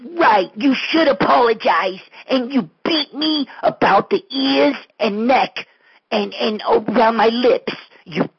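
A man's voice: extremely high pitch, lo-fi sound, pitched above the performer's own voice, heavily acted. A man voicing a timid, whiny, put-upon guy who stammers nervously and complains at length. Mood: aggrieved. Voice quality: raspy, gravelly.

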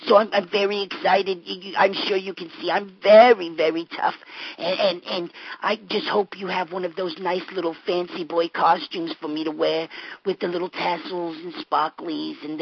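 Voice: mid-range voice, fairly even intonation, normal speed, husky, no room sound. A performer voicing a boastful male caller, a former figure skater who wants to be a wrestler, stammering and over-earnest in a comic prank call. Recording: dull lo-fi recording.

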